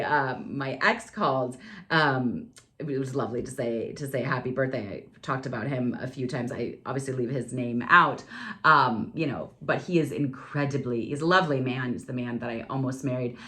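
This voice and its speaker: A woman's voice: very deep voice, moderate pace, pushed and bright. A woman in her forties hosting her own podcast from her home office, chatting candidly and breaking into dramatic exclamations. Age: 40s. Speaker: podcast host. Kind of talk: casual solo podcast chat.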